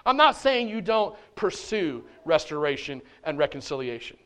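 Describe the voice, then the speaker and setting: A man preaching a sermon in church, animated and conversational, with casual slang. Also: fairly high pitch, normal speed. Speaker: pastor.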